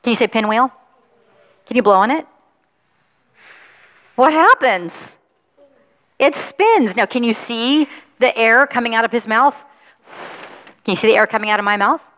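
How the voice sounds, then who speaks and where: A woman pastor with a fairly high voice reads the gospel and talks gently to children. She coaxes and encourages them. Her voice carries a long reverb through a church sanctuary. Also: animated, unhurried, long pauses. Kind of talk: gospel reading and children's sermon.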